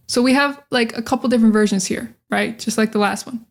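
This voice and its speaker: A young American woman leads a pronunciation lesson with a fairly high voice. She drills each phrase by saying it again and again, direct and energetic. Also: a little fast. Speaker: English pronunciation teacher.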